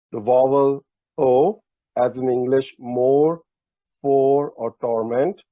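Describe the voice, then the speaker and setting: Man teaching a script lesson, slow pace, dry and slightly muffled recording, video call. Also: mid-range voice, mellow, no room sound. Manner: patient, methodical explaining. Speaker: language teacher. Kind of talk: online lesson explaining script.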